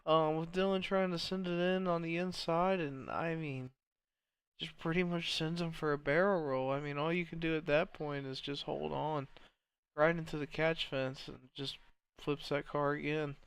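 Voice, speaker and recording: Gravelly, tired male race commentator. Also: fairly high pitch, normal speed. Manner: casual, apologetic asides between excited calls. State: tired, losing his voice. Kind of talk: sim racing play-by-play commentary.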